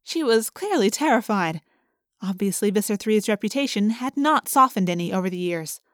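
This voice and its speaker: A woman narrating a first-person novel in a clear, measured storytelling manner. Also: medium pitch, animated, no room sound, clean studio sound. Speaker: audiobook narrator.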